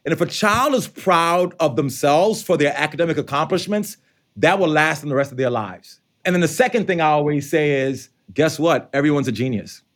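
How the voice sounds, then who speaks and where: Male author being interviewed, slightly high pitch, animated and chatty. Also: normal speed. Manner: animated, conversational, acts out quotes. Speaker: author and educator. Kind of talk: interview answers.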